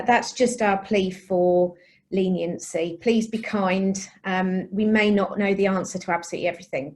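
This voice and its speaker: A woman's voice: fairly low pitch, a little mellow. A woman co-chairing and hosting an online community workshop on a video call, polite and organised. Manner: polite, organised, lightly apologetic.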